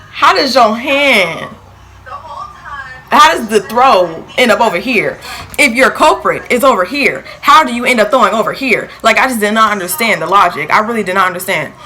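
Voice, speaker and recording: A young woman telling a storytime vlog in a lively, filler-heavy way, acting out quotes, with features. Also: on the high side, moderate pace, slight background noise, poor audio. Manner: animated, filler-heavy retelling with acted quotes. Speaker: vlogger.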